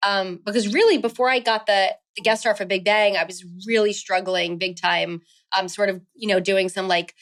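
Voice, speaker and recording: A woman's voice: medium pitch, fairly even intonation, moderate pace, a bit bright. An actress in her thirties chatting as a guest in an interview, filling her speech with "um" and "like.". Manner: chatty, many fillers like "um" and "like". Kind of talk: casual interview chat.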